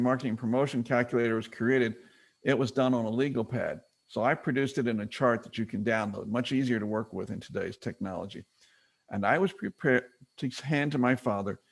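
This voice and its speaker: A middle-aged man leads a business training webinar in an easy, conversational teaching manner. His voice has a gravelly edge and sits at a medium pitch. He drops into short acted quotes when he retells a story. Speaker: webinar presenter.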